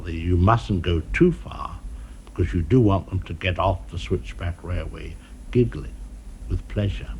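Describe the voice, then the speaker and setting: A man being interviewed in an archival television conversation, speaking in a measured, dryly witty way, pausing often with "uh". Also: sits low, slight background noise. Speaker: film director being interviewed.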